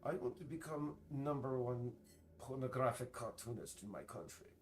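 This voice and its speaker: A man putting on a deadpan Icelandic guy. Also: mid-range voice, a little hiss or hum, close to an everyday voice. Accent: mock Icelandic. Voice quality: flat, unexpressive, slow. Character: deadpan Icelandic man stating blunt wishes.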